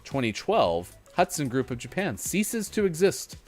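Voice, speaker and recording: A man's voice: fairly high pitch, sing-song, a little slow, soft background music. A man hosting a gaming morning show, joking and rambling between readings of a gaming history list. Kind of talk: casual chat.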